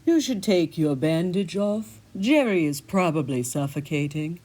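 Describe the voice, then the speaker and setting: A woman voicing a sly, scheming male talking cat who speaks in a slow, deliberate drawl. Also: deep voice, expressive, mellow.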